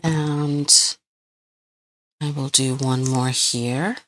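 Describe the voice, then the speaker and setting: A woman's voice: a bass voice, steady tone, drawn-out words, a bit bright. A woman hosting a live craft tutorial, chatting with viewers as she works, rambling and hunting for words. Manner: chatty, rambling, hunts for words, laughs often. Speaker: crafting channel host.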